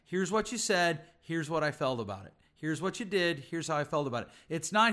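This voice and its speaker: A middle-aged man with a somewhat high voice, hosting a podcast on relationships. He teaches emphatically, stacking repeated phrases and rhetorical questions as he makes his points. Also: lively intonation, brisk, hardly any pauses, a bit bright. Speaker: podcast host, relationship speaker.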